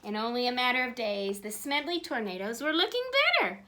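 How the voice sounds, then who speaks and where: A woman reading a children's picture book aloud, animated and asking her listeners questions. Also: on the high side, brisk, hardly any pauses. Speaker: storyteller.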